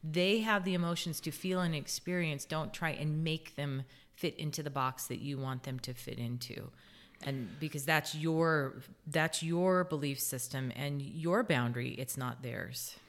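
A middle-aged woman with a low-pitched voice co-hosts a casual podcast. She speaks earnestly, drawing on stories about her own children. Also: a little slow. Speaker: podcast co-host.

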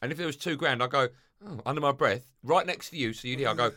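Fast-talking, teasing English host. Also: male voice, mid-range voice, bright, forceful tone. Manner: teasing, quick-fire questioning. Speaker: podcast host. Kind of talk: casual chat.

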